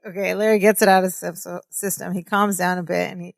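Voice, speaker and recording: A woman's voice: on the low side, flat delivery, fast talker, gravelly, dry recording, clean studio sound. A woman co-hosting a casual rewatch podcast, retelling the plot step by step and quoting the characters. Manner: recaps plot beat by beat, quotes characters. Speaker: podcast co-host.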